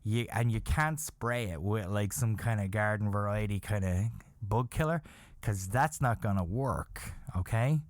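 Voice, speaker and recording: A calm, knowledgeable woman from the office explains things plainly and reassuringly, as a man puts her on in his storytelling. Her voice sits a bit lower than his own easy register. The sound is close and dry. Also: unhurried, no echo, lightly acted. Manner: matter-of-fact, reassuring. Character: calm knowledgeable female coworker.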